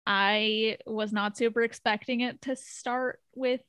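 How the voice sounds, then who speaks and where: A woman co-hosting a podcast, giving opinionated casual analysis of a TV pilot and talking in quick bursts. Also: fairly high pitch, steady tone, fairly bright tone, clean tone, dry recording, studio quality. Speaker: podcast co-host.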